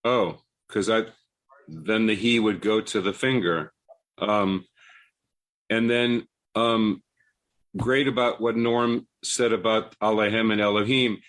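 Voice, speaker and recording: A man taking part in a Bible study class, a Torah reader who asks questions hesitantly, with many pauses. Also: lowish voice, fairly bright tone.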